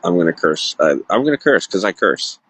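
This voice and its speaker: A man's voice: low voice, big pitch swings, fairly quick, fairly bright tone, slightly rough, rough recording. A man live-streaming to viewers alone, distressed and near tears, rambling with many filler words. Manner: rambling, heavy on filler words, self-interrupting. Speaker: livestreamer.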